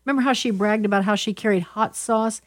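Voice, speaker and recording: A woman's voice: mid-range voice, fast, no echo. Middle-aged woman, radio talk host, emphatic and opinionated, dry close studio sound. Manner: opinionated, emphatic, with fillers and restarts. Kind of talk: political talk radio commentary.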